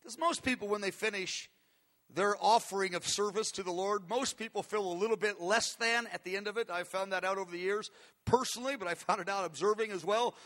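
A man's voice: sits high, a little fast, a bit bright. A man preaching a conversational, earnest sermon, asking his listeners questions as he teaches. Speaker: pastor.

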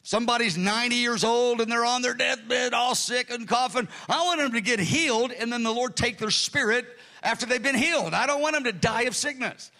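This pastor, a man in his sixties, preaches to his congregation fairly quickly in a creaky, pushed, bright voice that tends toward strain. His delivery is earnest and conversational, punctuated by sudden jumps in pitch.

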